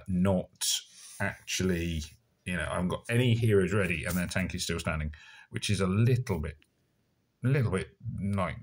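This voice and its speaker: Low-voiced rambling Somerset man. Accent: Somerset English. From Somerset, England. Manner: rambling and self-deprecating, with many fillers. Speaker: gaming video creator. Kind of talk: casual gameplay commentary.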